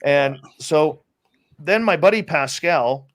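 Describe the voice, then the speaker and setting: A man, a radio host, speaking as an interview guest and telling a personal story in a lively way, often restarting his sentences. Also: a little high, slow pace. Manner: animated storyteller with many restarts. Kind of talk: casual storytelling chat.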